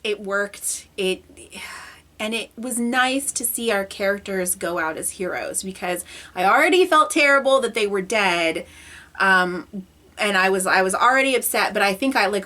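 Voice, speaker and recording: A woman's voice: medium pitch, pushed and bright. Chatty, emotional woman reviewing a show. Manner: emotional, chatty, frequent fillers and restarts. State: near tears. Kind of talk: casual video review.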